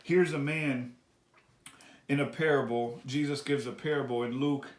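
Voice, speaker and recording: A pastor delivers a sermon reflection, earnestly urging his listeners, repeating key phrases, and slowing down on the words he stresses. His voice is medium-pitched with a steady tone, and the sound is roomy.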